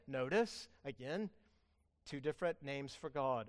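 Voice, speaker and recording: A man preaching a sermon as pastor, earnest, swinging between loud pleading and hushed emphasis. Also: medium pitch, animated, measured pace.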